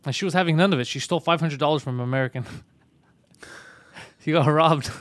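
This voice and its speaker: A man hosting a podcast, telling an animated, profane story in casual chat. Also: a little high, fast, dry recording. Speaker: podcast host.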